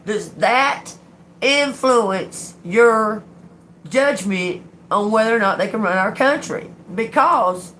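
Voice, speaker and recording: Woman, livestream tarot host, slow drawl, lower voice, faint room hum behind. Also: a bit bright. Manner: rambling, emphatic, talks straight to viewers. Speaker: tarot reader hosting a livestream. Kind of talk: casual livestream chat. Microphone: phone or webcam livestream.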